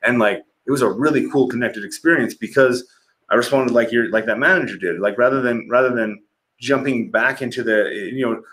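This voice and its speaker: A man's voice: medium pitch, fairly quick, fairly bright tone. Candid middle-aged man telling stories. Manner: candid, profane storytelling with frequent laughs. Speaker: podcast guest. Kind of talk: casual conversation. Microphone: livestream podcast mic.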